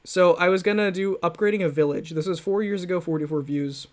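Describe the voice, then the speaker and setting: A man's voice: high voice, fairly quick, darkish tone. A man hosting a livestream, talking loosely and mocking himself with many restarts and fillers. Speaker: streamer reacting to his old videos. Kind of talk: livestream commentary.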